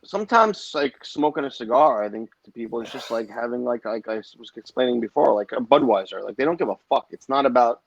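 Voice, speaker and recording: A man's voice: mid-range voice, animated, fairly quick, creaky, few pauses, dry recording, muffled recording. A man co-hosting a podcast in casual chat, mostly giving short reactions and blunt interjections with some swearing. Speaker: podcast co-host.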